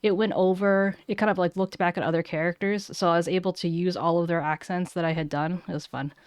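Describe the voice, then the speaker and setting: Lower-voiced woman chatting on stream. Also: steady tone, fast, clean tone, no echo, studio quality. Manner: rambling, searches for words. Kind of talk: casual stream chat.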